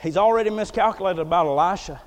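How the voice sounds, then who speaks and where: Male pastor, folksy preacher, very high voice, long hall reverb. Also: fast talker. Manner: folksy, joking, swings from soft asides to loud preaching. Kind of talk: sermon.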